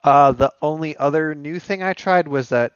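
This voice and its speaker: A man's voice: a little high, normal speed, smooth, no echo. Easygoing guy tripping over words, muffled lo-fi mic, dry. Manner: laid-back, stumbles over words. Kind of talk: casual chat about video games.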